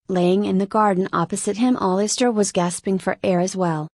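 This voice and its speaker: A woman narrating a light novel audiobook in the first person with an even, steady delivery. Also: mid-range voice, fairly quick, hardly any pauses, no echo, clean studio sound.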